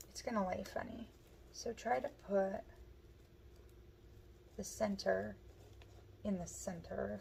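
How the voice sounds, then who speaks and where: A woman with a hoarse voice, casually explaining step by step how she makes a wreath as she works. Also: medium pitch, a little mellow, a little hiss or hum, rough recording. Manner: chatty, talks while working with her hands. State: hoarse, losing her voice. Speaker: craft tutorial host. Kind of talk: step-by-step crafting instruction.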